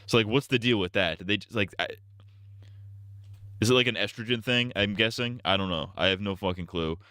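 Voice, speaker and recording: A man's voice: on the low side, a little fast, sharp tone, clear, resonant tone, dry recording, studio quality. Crude joking male game streamer. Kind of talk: casual gameplay commentary.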